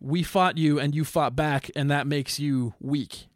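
Blunt, opinionated young man, slightly high voice. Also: steady tone, unhurried, dry recording, studio quality. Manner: blunt, opinionated, self-mocking. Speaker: band member and podcast co-host. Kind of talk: casual podcast chat. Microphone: studio microphone.

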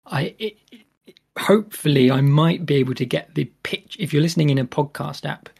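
A man hosting a podcast with a casual intro. He talks haltingly and leans on lots of fillers. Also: on the high side, vocal fry, darkish tone, breathy edge. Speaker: podcast host.

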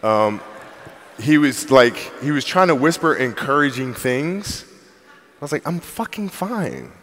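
A man answers interview questions in a relaxed, blunt manner, leaning on "like" and "you know". His pitch is middling. His voice trails a long reverb, like a hall. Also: a little slow. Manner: laid-back, blunt, full of "like" and "you know". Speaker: interview guest. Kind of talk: casual interview chat.

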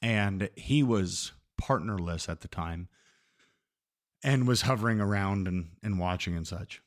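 A man co-hosting a podcast, chatting in a relaxed, wry, teasing way. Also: low voice, measured pace. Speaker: podcast co-host. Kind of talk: candid casual chat.

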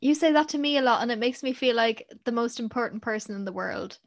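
A young Irish woman in casual conversation, telling stories with lots of laughter as a podcast co-host. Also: on the high side. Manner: animated storyteller, quick to laugh. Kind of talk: casual chat.

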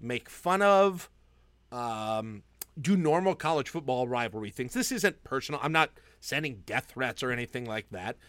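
Bright, teasing male sports podcaster. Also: medium pitch, lively intonation, moderate pace, no echo. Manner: teasing, mock-preachy, restarts often. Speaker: podcast co-host. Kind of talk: casual sports chat.

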